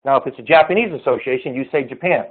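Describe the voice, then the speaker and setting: A man's voice: mid-range voice, fast talker, breathy edge. Tinny, upbeat man giving a sales pep talk. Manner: pep-talk, repetitive urging. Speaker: network marketing trainer. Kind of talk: motivational screen-share tutorial. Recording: tinny phone-like audio.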